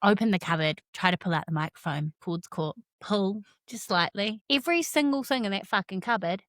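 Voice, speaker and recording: A New woman co-hosting a podcast, tired and animated, swearing freely and laughing often in casual chat. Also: mid-range voice, brisk, no room sound, studio quality. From New Zealand. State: worn out. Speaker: podcast co-host.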